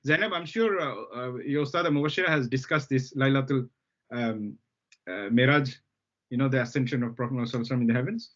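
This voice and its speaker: A male Arabic teacher runs a lesson at a steady middle pitch. He explains patiently, repeats the key words and keeps stopping to ask if everyone follows. The sound is dull and lo-fi. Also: quick pace. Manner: patient, repeats key terms, checks understanding with "okay?". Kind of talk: live language lesson.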